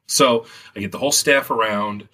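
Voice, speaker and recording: A man's voice: medium pitch, normal speed, sharp tone. A man with a Western New York accent, a business owner, telling a story in casual chat, acting out quotes and swearing freely.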